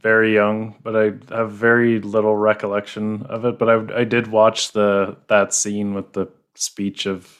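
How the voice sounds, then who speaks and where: A man from Canada co-hosting a casual chat. He speaks haltingly, restarts often and laughs easily. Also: lowish voice, flat delivery, clear, resonant tone. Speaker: co-host.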